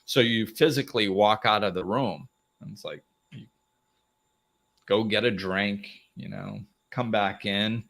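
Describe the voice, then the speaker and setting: A man's voice: on the low side, unhurried, vocal fry, long pauses. A man hosting a live motivational talk, speaking plainly and acting out little dialogues. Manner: animated, acts out little dialogues, plain-spoken. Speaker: host.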